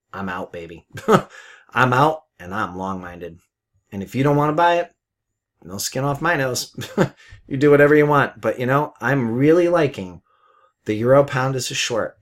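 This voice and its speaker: A middle-aged man teaching forex trading over live market commentary, talking bluntly and repeating himself, with some swearing and laughter. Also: medium pitch. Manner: chatty, laughs at his own jokes.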